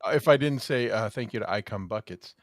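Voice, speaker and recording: A man's voice: lowish voice, brisk, dry recording. Hesitant male podcast co-host. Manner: hesitant, many ums and restarts, dry jokes. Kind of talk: casual comedic chat.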